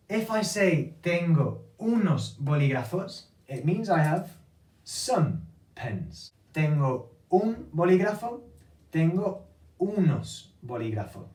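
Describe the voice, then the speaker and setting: A man's voice: a little high, a little mellow. A man teaching a language lesson, explaining patiently and checking in with frequent "okay?" questions. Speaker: Spanish teacher. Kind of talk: classroom-style language lesson. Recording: echoey room, distant mic.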